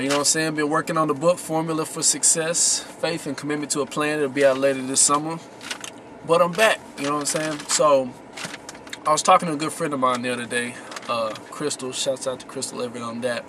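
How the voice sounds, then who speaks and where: This vlogger's voice sits a little high, and he talks fairly quickly over a noisy background. Speaking straight to his viewers, he gives laid-back motivational advice on success, full of slang, emphasis, and repeated key words.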